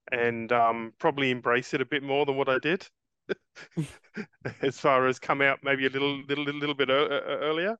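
A man's voice: medium pitch, steady tone, normal speed, sharp tone, smooth, no echo, dull audio. Earnest stammering man in his forties. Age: 40s. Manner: earnest, repeats words and restarts often, calls the host mate. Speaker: interview guest. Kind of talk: casual interview chat.

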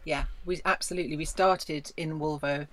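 A woman's voice: deep voice, normal speed, a little hiss or hum. Effusive woman film director. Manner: effusive, animated, laughs often. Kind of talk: interview answers.

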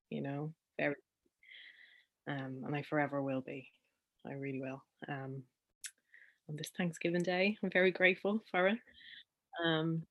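A young adult woman, a guest telling a personal story in a chatty way, with many ums and restarts. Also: sits low.

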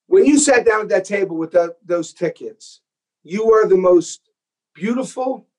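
A man interviewing an actor, animated and enthusiastic, acting out scenes as he tells the story. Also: high voice, poor audio. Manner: enthusiastic, acts out quoted scenes. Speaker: host and filmmaker.

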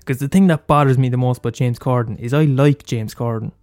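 A man's voice: medium pitch, fairly quick, a little mellow, clean tone, dry recording, soft background music. An Irish man hosting a solo comedy podcast, blunt and sweary, mocking himself and repeating lines for effect. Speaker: podcast host.

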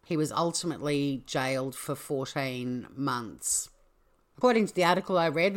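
A woman hosting a true-crime podcast, chatty and playful, correcting herself as she goes. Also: deep voice. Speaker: podcast host.

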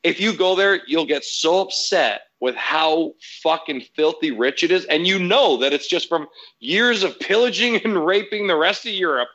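A man's voice: on the high side, normal speed, fairly bright tone, highs cut off. A man in casual podcast chat, telling a story as a heated, profane rant.

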